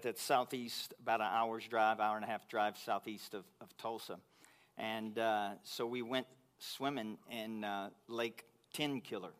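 A man preaching to his congregation, telling a personal story in an animated way that grows loud and high when he gets excited. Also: clean tone. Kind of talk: sermon storytelling.

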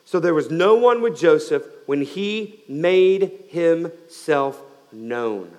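A male pastor giving a sermon, swinging between loud emphatic lines and quiet, slowed-down ones. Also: on the high side, expressive, in a large hall.

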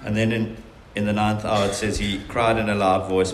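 A man's voice: on the low side, level tone, moderate pace, slight background noise. A man preaching a sermon, earnest and emphatic, often voicing quotations in a stronger tone. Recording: very echoey room.

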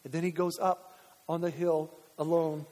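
A man's voice: on the high side, flat delivery, moderate pace, warm tone. A man, a pastor from Canada, preaching a conversational sermon with joking asides and acted-out dialogue. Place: church sanctuary. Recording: church hall reverb.

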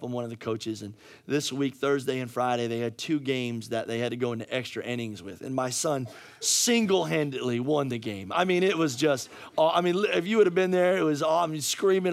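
A middle-aged male pastor preaching a sermon with a hoarse, worn voice, swinging from casual asides to fired-up, near-shouted emphasis. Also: mid-range voice, normal speed. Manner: energetic, rising to near-shouting, conversational asides. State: hoarse, losing his voice.

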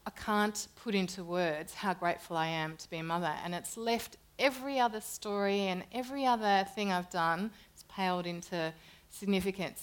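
A middle-aged woman, an interview guest, telling stories in casual chat and laughing often. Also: mid-range voice. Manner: animated storyteller who laughs often. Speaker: journalist.

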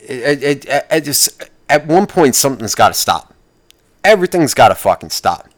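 A man's voice: mid-range voice, sing-song, moderate pace, no echo. A young man ranting casually on his vlog, swearing constantly, rambling with restarts and bursts of fired-up outrage. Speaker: vlogger. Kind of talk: profane casual rant.

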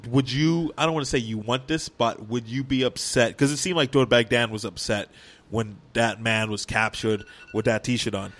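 A man with an average-pitched voice, co-hosting a podcast. He talks casually but firmly, hammering his points by repeating them. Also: fairly even intonation, normal speed, a bit bright. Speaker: podcast co-host. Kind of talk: casual chat.

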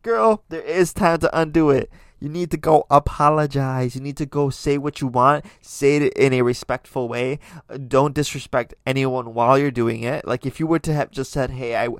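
A man's voice: medium pitch, clear, resonant tone, no room sound. A man hosting a casual podcast, commenting on tweets in a chatty, opinionated way with many fillers and restarts. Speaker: podcast host.

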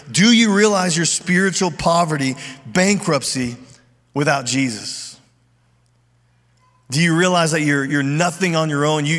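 Middle-aged male pastor, earnest conversational preacher, slightly higher voice, long hall reverb. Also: a bit bright. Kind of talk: sermon.

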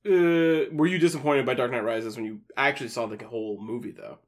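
A man's voice: mid-range voice, a little fast. A man co-hosting a casual film podcast, asking questions and steering the conversation, with some casual swearing. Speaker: podcast co-host.

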